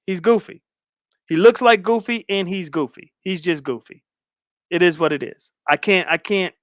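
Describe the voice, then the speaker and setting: Profane joking man, higher voice. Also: fairly bright tone, no echo, clean studio sound. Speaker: streamer host. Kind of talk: casual profane reaction commentary.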